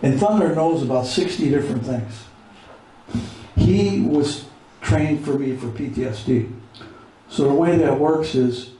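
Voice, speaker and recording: Mellow-voiced man in an echoey room. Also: medium pitch, slight background noise. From Pennsylvania. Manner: rambling, repeats words, breaks off to give his dog commands. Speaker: veteran with a service dog. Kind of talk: casual spoken storytelling. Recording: very echoey room, mic far off, faint ambience.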